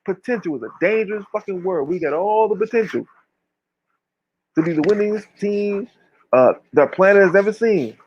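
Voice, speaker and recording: A man's voice: sits high, lively intonation, moderate pace, dull audio. A man talking casually but with fiery emphasis, preaching and swearing freely. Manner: emphatic, preachy, profane, uses slang. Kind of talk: impassioned casual talk.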